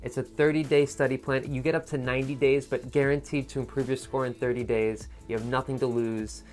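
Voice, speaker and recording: A man teaching in a video lesson, with a voice of middling pitch and a patient, explaining manner. He breaks down word stress for test takers and says example words again and again to model them. Soft music sits faintly behind him. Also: flat delivery, a little fast.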